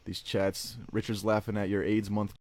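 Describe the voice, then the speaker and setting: A man's voice: fairly low pitch, flat delivery, moderate pace, darkish tone, no room sound, studio quality. A man hosting a casual livestream, rambling and joking, often tacking "man" onto his sentences and laughing. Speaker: livestream host.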